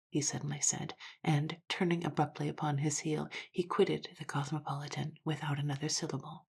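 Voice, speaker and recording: A woman narrating a classic story in a measured voice that sometimes drops to a hush. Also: sits low, level tone, gravelly, slightly rough.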